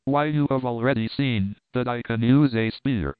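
A fierce, proud noblewoman issues cold, firm commands, as a man reads her part. She speaks slowly in a low, clear voice. The sound is dry and narrow, like a phone. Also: no room sound, natural voice. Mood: commanding.

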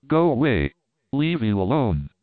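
A cruel, leering German officer speaks in a mocking, wheedling tone, voiced by a man. The voice is smooth and clean, but it sounds thin and boxed in, like a phone line, with no room around it. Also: medium pitch, a little slow, no echo, close to an everyday voice. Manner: mocking, hollow laughter, wheedling. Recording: dry, tinny phone-like sound.

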